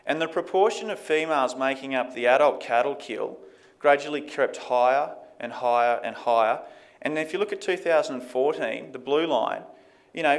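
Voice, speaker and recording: A man with an Australian accent, presenting market figures in a conversational way at a conference. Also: medium pitch. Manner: conversational, fillers like "you know". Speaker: economist giving a presentation.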